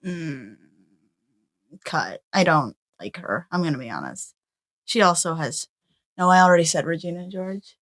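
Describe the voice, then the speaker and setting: A young woman from Canada chats on a podcast in a bright, sharp voice that swings widely in pitch. She giggles a lot and gives blunt, quick opinions. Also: expressive. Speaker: podcast guest, host's daughter. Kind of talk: casual podcast chat.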